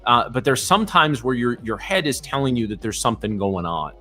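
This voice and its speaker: A man with a bright, forceful voice coaching traders on a live show. He talks casually, restarting words and checking in with the audience as he goes. Faint music plays behind him. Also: mid-range voice, very animated, a little fast. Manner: advising, repeats words, asks "right?". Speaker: co-host and trading coach. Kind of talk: casual explanatory talk.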